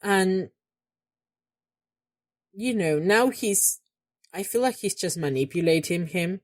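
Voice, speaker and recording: A young woman hosting a reaction video, talking back at the screen in casual commentary and getting loud when angry. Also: fairly low pitch, expressive, slow pace.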